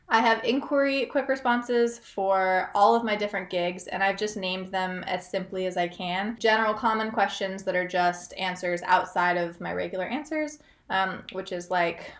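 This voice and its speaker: A woman's voice: medium pitch, fairly bright tone, echoey room. A young woman, a freelance writer, explaining her work tips in a chatty, upbeat vlog with self-aware asides. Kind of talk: casual tutorial vlog.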